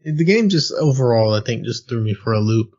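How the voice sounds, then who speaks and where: A man's voice: medium pitch, lively intonation, a little fast, darkish tone, lo-fi sound. A man co-hosting a casual game review podcast, mostly chiming in with short, laid-back replies. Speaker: podcast co-host.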